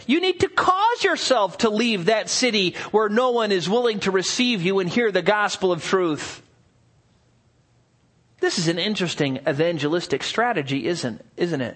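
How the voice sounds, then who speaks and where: A man's voice: high voice, fairly bright tone. A pastor preaching an expository sermon, earnest and emphatic, asking his listeners rhetorical questions.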